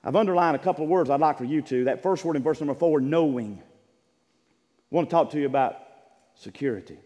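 High lively preacher guy, big echoey church reverb. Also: brisk. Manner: emphatic, repetitive preaching with rising shouts. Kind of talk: sermon. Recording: church sanctuary with long reverb.

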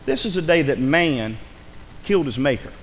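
High-voiced preacher man in a reverberant hall. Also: animated, moderate pace, a little hiss or hum. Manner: dramatic preaching, swings from hushed to shouting. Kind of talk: sermon.

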